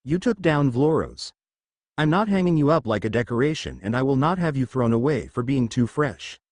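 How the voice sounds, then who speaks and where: A man reading the lines of a stern, seasoned male viking commander in a measured, instructive way, as storybook narration. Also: mid-range voice, lively intonation, a little mellow, no echo, natural voice. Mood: firm.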